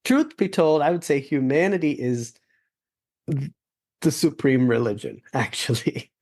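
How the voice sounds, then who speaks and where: Podcast host, male, slightly high voice, earnest reflective storyteller, casual delivery. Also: expressive, unhurried, darkish tone.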